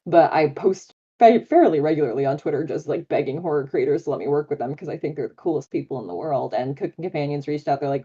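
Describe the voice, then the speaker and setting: A woman's voice: low voice, quick pace, hardly any pauses, warm tone, breathy edge, muffled recording. A woman voice actor as a guest on a live interview chat, talking in a bubbly, enthusiastic way with many fillers.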